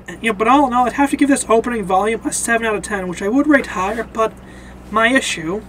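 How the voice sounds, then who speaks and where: A man's voice: extremely high pitch, fast talker, a bit bright, a little hiss or hum, rough recording. A young man casually narrating a comic review, rambling with many fillers.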